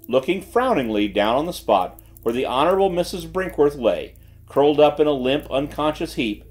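A man narrating a classic mystery audiobook in an expressive reading style. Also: on the high side. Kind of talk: scripted narration.

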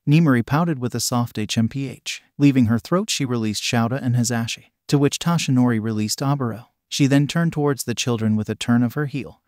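A man reads a story aloud as scripted narration, at a middle pitch. The sound is dry and close, with no room around it, and the delivery stays even throughout. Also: a little fast, hardly any pauses, dry recording. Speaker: story reader. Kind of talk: scripted narration of fan fiction.

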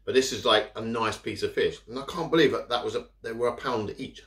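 A man's voice: mid-range voice, a little fast, fairly bright tone, a little hiss or hum. A man chatting casually while eating in a food vlog, rambling with his mouth full. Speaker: food vlogger. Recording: echoey room. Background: cutlery and dishes.

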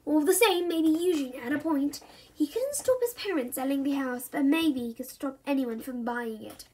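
A woman's voice: sits high, normal speed, a little mellow, a little hiss or hum, lightly acted. A woman voicing a cheeky, scheming young boy in a children's storybook reading. The boy sounds sly while acting innocent. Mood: plotting.

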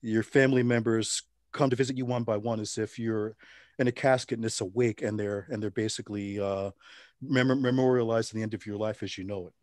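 Low-voiced man telling wry stories. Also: brisk, dry recording, studio quality. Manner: relaxed, wry anecdotes with restarts. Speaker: interview guest. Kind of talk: casual storytelling interview.

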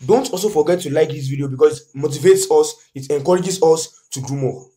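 A man's voice: fairly high pitch, fairly quick, dark tone. A man with a Nigerian accent teaching an exam revision lesson, who keeps asking his students "what?" and then answers himself.

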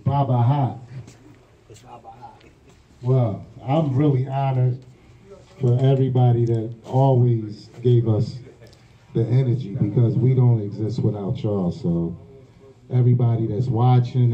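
A man with a mid-range voice, calmly thanking the people who support his shop. The recording is dull and lo-fi. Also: mid-range voice, measured pace. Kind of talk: thank-you speech.

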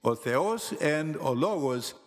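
A man teaching Greek grammar in slow, careful scripted narration, pronouncing each word deliberately. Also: fairly high pitch, lively intonation. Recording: long hall reverb with faint music.

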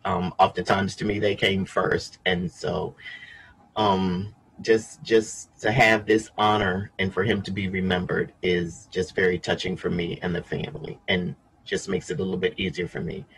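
A man gives public thanks for a remembrance, speaking softly and hesitantly with frequent pauses. His voice is low, flat in melody and a little husky. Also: rough recording. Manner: soft, hesitant, many ums. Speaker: grieving family member. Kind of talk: public remarks.

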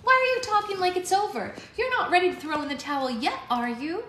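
An earnest young fairy girl with a high, strained voice, urgent and close to tears, as a woman reading aloud puts her on. The sound is roomy with a faint hiss underneath. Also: lively intonation, fairly quick, a bit bright. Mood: pleading.

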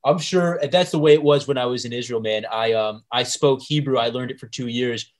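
A man's voice: mid-range voice, brisk. A man hosting a podcast, chatting in a laid-back way and telling his own stories. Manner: laid-back, laughs along and tells stories. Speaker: podcast host. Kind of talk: casual podcast conversation.

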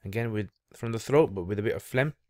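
Speaking fast in a fairly low, darkish voice, a male Arabic reading teacher walks through letter sounds in a patient, slow step-by-step lesson. He repeats every sound for the listener to imitate. It's a dry, studio-quality recording.

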